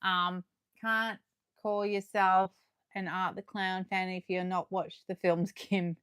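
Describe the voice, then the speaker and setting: A woman's voice: medium pitch, slow pace, smooth, no room sound, studio quality. Chatty woman unboxing collectibles. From Australia. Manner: chatty and excitable, gasping and laughing, talking to viewers. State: losing her voice. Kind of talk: casual live unboxing chat.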